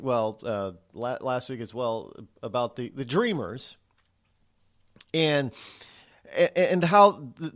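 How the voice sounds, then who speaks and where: A male talk radio host tells a story in an amused, rambling way. He stumbles and restarts often, and his pitch swings widely as he talks. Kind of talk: casual radio monologue.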